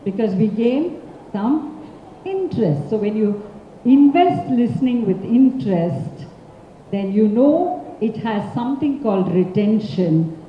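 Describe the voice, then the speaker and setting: A woman storyteller with an Indian English accent. Her high voice swings widely as she leads an audience through a tale at an unhurried pace. It sounds distant and echoey in a large conference hall, with dull sound. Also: slight background noise. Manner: animated and expressive, prompts the audience for answers. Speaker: professional storyteller, speaker. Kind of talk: interactive oral storytelling talk.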